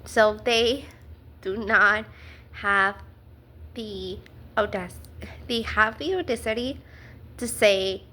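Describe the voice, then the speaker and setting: A woman talking to camera in a personal vlog, earnest and halting, with many fillers, restarts and small nervous laughs. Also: mid-range voice, pushed and bright. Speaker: vlogger.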